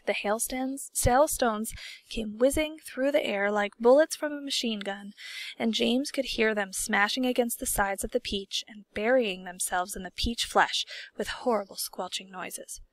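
A woman narrating a children's story aloud in a steady, expressive storytelling manner. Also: on the high side, a little slow, dry recording. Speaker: audiobook reader.

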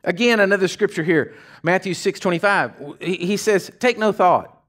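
A man preaching a folksy, animated sermon as pastor of a church. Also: high voice, normal speed. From Texas.

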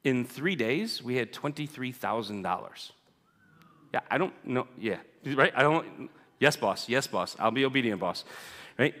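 In a church sanctuary with long reverb, a guest speaker tells a personal story to the congregation. His medium-pitched voice is animated, unhurried and a bit bright, and he keeps chatting and asking "right?"

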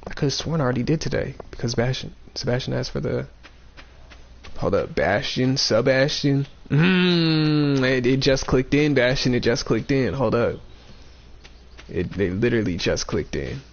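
With vocal fry in his mid-range voice, this streamer talks at a normal speed through a casual, joking playthrough. He mulls things over aloud and says things twice, while faint game music plays under his dull lo-fi mic.

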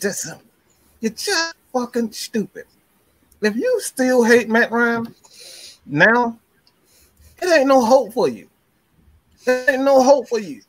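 A man's voice: sits high, a bit bright, no room sound. Blunt ranting man, dry close mic. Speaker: podcast co-host. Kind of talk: heated sports talk.

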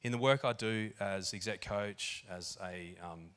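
Aussie guy preaching, chatty and animated, lots of likes and ums, lowish punchy voice. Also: measured pace, clear, resonant tone. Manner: animated and conversational, many fillers. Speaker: pastor. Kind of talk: sermon. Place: church hall.

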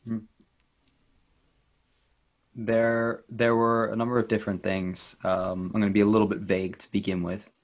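A man speaking as an inner child life coach in an interview, earnest and gently encouraging, repeating phrases for emphasis. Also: lowish voice, little pitch movement, normal speed, pauses often. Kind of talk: interview guest, reflective talk.

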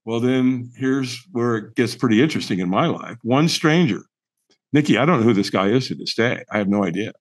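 A man's voice: medium pitch, animated, brisk. A middle-aged man, a podcast guest, telling a personal story in an emphatic, dramatic way, full of rhetorical questions. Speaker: podcast guest, firewalk instructor.

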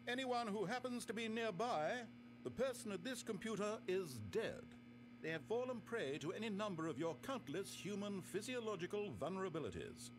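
A man voicing a dry, sardonic narrator in a game, with wry, theatrical, exasperated asides. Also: high-pitched. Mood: mocking. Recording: game audio with music behind.

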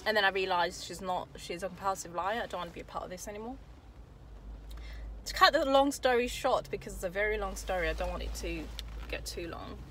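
A woman vlogging from her car, telling a story in a loose, rambling way. Her voice sits at a middle pitch. A faint vehicle noise hums underneath. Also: brisk, fairly bright tone. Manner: chatty, rambling, with restarts and asides. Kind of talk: casual storytime vlog.

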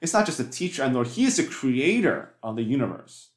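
Pastor preaching in an echoey church. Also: male voice, mid-range voice, sing-song, brisk, hardly any pauses. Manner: conversational, many fillers and restarts, asks the congregation rhetorical questions. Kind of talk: sermon.

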